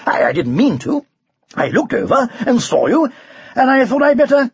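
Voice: medium pitch, sing-song, normal speed, slightly rough, no room sound, voice pushed up, full character voice. A reader voicing a clumsy, boastful male knight, indignant and self-pitying, in a storybook reading. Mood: indignant flustered. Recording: dull lo-fi recording.

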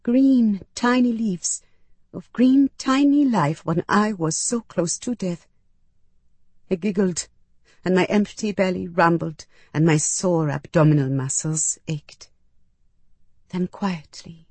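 A woman's voice: on the low side, takes it slowly, a little mellow, breathy edge, no echo. A woman narrating a story in the first person, with intimate, emotional delivery and acted dialogue. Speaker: audiobook narrator.

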